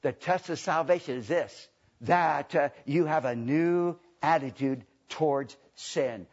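A man preaching a storytelling sermon in a church, swinging from hushed, low confiding to shouting. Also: unhurried, muffled recording. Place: church building.

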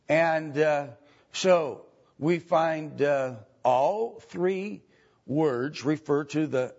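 A man teaching from the Bible in a slow, halting way, with many ums and restarts. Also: medium pitch. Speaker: preacher. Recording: dull lo-fi recording.

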